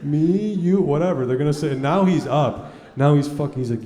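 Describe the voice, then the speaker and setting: Thirtysomething guy doing standup, swears a lot, mellow low-ish voice, echoey theater. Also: lively intonation, normal speed. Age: 30s. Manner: conversational, profane, acts out dialogue. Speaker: stand-up comedian. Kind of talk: stand-up comedy set. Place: theater stage.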